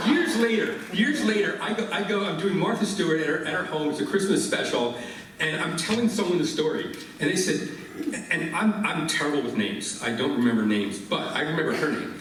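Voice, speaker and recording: A man, a chef, telling a lively anecdote on stage at a live interview, with laughs and restarts. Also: a little high, a little fast, background noise. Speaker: chef and guest. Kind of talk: storytelling on stage. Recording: very echoey hall, from far off.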